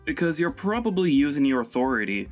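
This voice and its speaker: A man's voice: on the high side, very animated, fairly quick, soft background music. A man voicing a young husband who angrily scolds his own mother in a dramatized text-message story. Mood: exasperated. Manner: scolding, exasperated.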